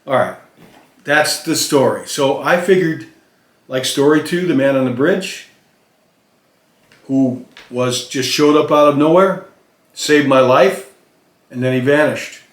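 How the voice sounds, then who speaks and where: An older man tells a personal story off the cuff. He wanders and restarts, filling gaps with pauses, at an ordinary middle pitch. His voice rings in a roomy, echoing space. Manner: rambling, with frequent restarts and "uh". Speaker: storyteller recounting a personal encounter.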